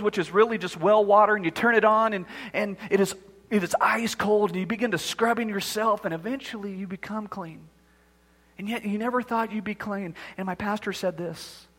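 High, bright-voiced preacher in a hall. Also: male voice. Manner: acts out the quoted voices as he preaches. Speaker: pastor. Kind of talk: sermon.

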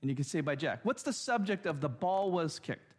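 A man's voice: a little high, big pitch swings, fairly quick, breathy edge. A man preaching a sermon, explaining a point step by step with examples and checking in with the congregation often. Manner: restarts and fillers when searching for words. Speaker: pastor. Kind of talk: sermon teaching.

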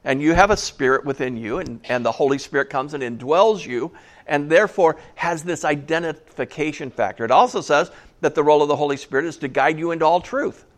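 Man, pastor, conversational sermon, slightly higher voice, playful asides, questions to the congregation. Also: brisk.

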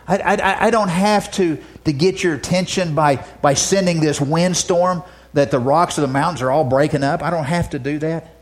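A male pastor's sermon features booming declarations that drop into hushed asides, plus frequent word repetitions as he restarts phrases. He speaks a little high, at normal speed, with few pauses.

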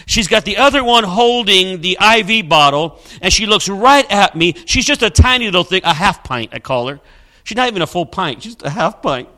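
A man's voice: high-pitched, animated, moderate pace, pushed and bright. A male pastor preaching a sermon, telling a story dramatically with emphatic, repeated refrains.

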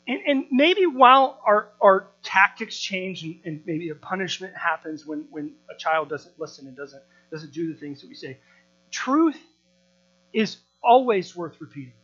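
Animated preaching man, lo-fi hum. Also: high voice, unhurried. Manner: animated, repeats words, rhetorical questions. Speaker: pastor. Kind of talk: sermon. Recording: dull lo-fi sound with mains hum.

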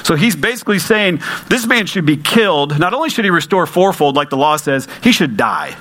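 A man's voice: fairly high pitch, animated, fairly quick, sharp tone, poor audio. A man preaching a sermon to his congregation in a conversational way, with rhetorical questions and emphatic repetition. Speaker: pastor.

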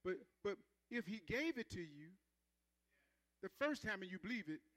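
A man preaching a sermon, stretching out key words and having the congregation repeat after him, then dropping to low asides. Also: big pitch swings. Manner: emphatic, drawn-out stresses, calls on the congregation to repeat; swings between loud proclaiming and low soft asides.

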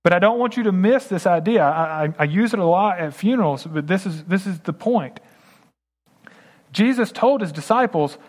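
A man's voice: high-pitched, lively intonation, moderate pace, darkish tone. A man preaching a sermon as a pastor, reading scripture and talking directly to his congregation in a conversational way.

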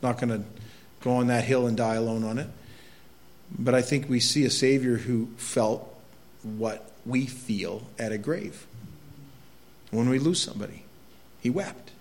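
Speaking at a medium pitch and an unhurried pace, this middle-aged male pastor leaves long pauses and sounds a little mellow. His sermon is conversational, full of questions for the congregation, and his scripture reading grows steadily more intense.

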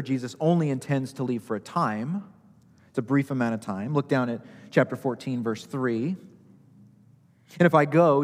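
Man preaching in an echoing hall. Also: mid-range voice. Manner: repeats key phrases for emphasis. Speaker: pastor. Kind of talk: sermon.

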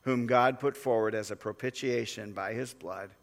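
A man as pastor, preaching a sermon and reading scripture aloud in a measured way that swells into forceful warnings. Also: medium pitch, fairly even intonation.

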